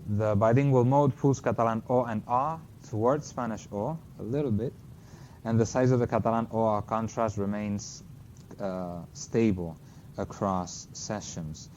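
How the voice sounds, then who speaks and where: A man with a lowish, slightly slow and mellow voice gives a linguistics lecture with slides, explaining carefully and correcting himself with brief apologetic asides. The lecture recording is slightly dull and lo-fi, with faint noise.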